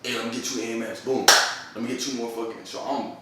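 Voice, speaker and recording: A man's voice: medium pitch, little pitch movement, quick pace, very noisy. A man telling a long story in casual chat, rambling with lots of slang and laughter. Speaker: podcast host. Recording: roomy echo, a bit far from mic.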